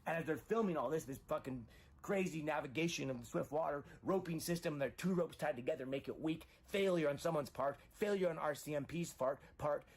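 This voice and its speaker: A man's voice: on the high side, brisk, breathy edge. Rambling distraught man. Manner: rambling, repetitive, grief-stricken, voice rising when agitated. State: distraught after a breakup and a loss. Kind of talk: emotional confessional monologue.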